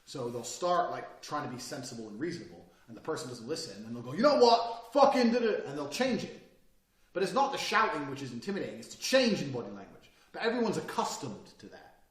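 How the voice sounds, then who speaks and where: A man's voice: mid-range voice, sing-song, quick pace, fairly bright tone. Swaggering man lecturing in an echoey room. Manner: profane, swaggering, emphatic. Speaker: course instructor. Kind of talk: blunt motivational lecture.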